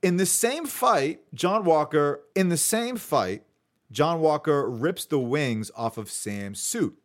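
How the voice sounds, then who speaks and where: A man's voice: on the high side, lively intonation, slow. A man hosting a casual podcast, running through his notes in a chatty way with fillers. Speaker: podcast host.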